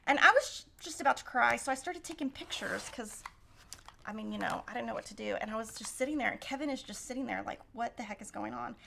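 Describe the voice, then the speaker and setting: A woman's voice: fairly high pitch, fast talker, vocal fry, sharp tone, slight background noise. A middle-aged woman hosting a quilting livestream, chatting and telling stories while she cuts fabric and thinks aloud through the math. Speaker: quilting show host. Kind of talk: casual chat while cutting fabric.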